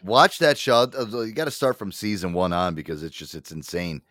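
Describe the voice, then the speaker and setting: A man's voice: low-pitched, a little fast, no echo, studio quality. A middle-aged man co-hosting a podcast, telling stories about a friend in casual chat, swearing often and acting out other people's voices. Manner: animated storyteller, acts out friends' voices, swears a lot. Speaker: podcast co-host.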